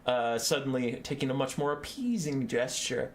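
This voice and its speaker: A man narrating a story and then giving lively play-by-play commentary on a strategy game battle. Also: medium pitch, normal speed, few pauses.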